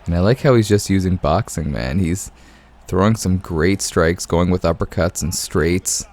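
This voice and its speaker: Deep and a little mellow, this man's voice moves at normal speed. He runs a gaming channel and is recording at home late at night, voice kept down to avoid waking anyone. His casual commentary and storytelling are easygoing, full of chuckles and frequent uses of "man."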